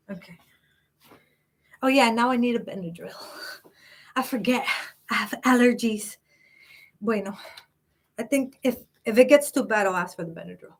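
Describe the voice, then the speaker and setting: A woman hosting a live psychic stream, chatting casually and telling stories in an animated way. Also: fairly high pitch, normal speed, pauses often.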